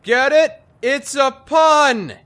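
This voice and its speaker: A man's voice: extremely high pitch, sharp tone, voice pushed up, full character voice. A man voicing a brash, joking male raider gang member with a Brooklyn accent during game commentary. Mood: taunting. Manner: punning, taunting, drawn-out delivery. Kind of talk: gameplay commentary role-play.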